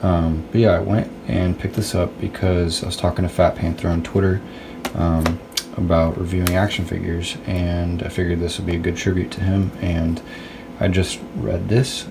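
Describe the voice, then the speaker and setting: A man hosting a casual toy review in a hushed early-morning voice, keeping quiet because someone is asleep nearby. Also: sits low, little pitch movement, moderate pace, creaky, music in the background. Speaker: host. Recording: noisy home recording.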